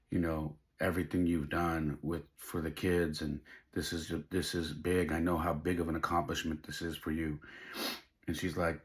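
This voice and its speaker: A middle-aged man hosting a podcast, telling a personal story in an emotional, heartfelt way. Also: low-pitched. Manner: emotional, heartfelt, faith-driven. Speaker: podcast host.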